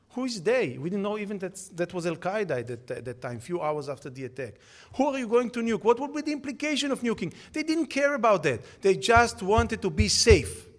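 A man with a notably high voice gives a prepared talk on a conference panel. He argues emphatically and keeps asking rhetorical questions. His delivery stays firm and lecturing throughout. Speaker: panel speaker.

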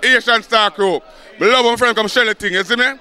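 Brief: Jamaican organizer, very bright and smooth voice, patois shout-outs. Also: male voice, high voice, brisk, some chatter behind.

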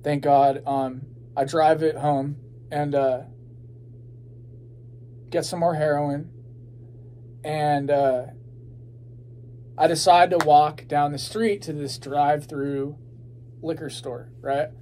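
A man's voice: a little high, flat delivery, takes it slowly, pauses often, darkish tone, slight background noise. A young man telling his own story in a casual, rambling, profane way, full of fillers.

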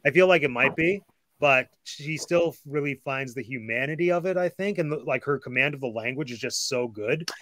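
An enthusiastic man leads a casual chat, gushing over what he loves. His voice is mid-pitched and heard close and dry, with no room around it. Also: normal speed, a bit bright, dry recording. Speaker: host. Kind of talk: casual discussion.

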